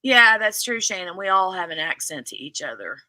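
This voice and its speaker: A woman with a bright, forceful voice and a Southern US accent from near Louisville, hosting a relaxed craft livestream. She chats and reads viewer comments aloud in a close, dry recording. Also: lowish voice, normal speed, dry recording. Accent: Southern US (Kentuckiana). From southern Indiana near Louisville, Kentucky. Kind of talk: casual livestream chat reading comments.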